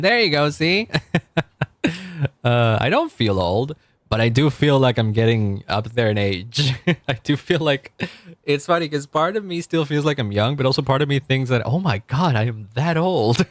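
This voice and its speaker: A man's voice: mid-range voice, no room sound. A man in his late twenties, a streamer chatting casually and rambling while he plays, laughing often. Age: 20s. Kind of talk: casual live-stream chat while gaming.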